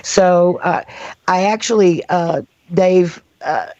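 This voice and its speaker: A woman from Oklahoma hosting a radio talk show, her voice hoarse and scratchy, rambling with many fillers and restarts. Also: fairly low pitch, slow pace, a little mellow, no room sound, highs cut off. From Oklahoma, USA. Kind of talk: casual radio interview chat.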